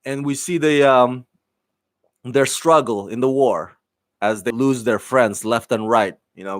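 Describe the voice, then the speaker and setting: A man talks through a show review in a loose, rambling way, full of ums and restarts. His voice sits at an ordinary middle pitch, and he laughs easily and stays upbeat. The sound is dry and close, with no room around it. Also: a bit bright, no echo. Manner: rambling with many fillers and restarts; enthusiastic, laughs often. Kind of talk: casual review commentary.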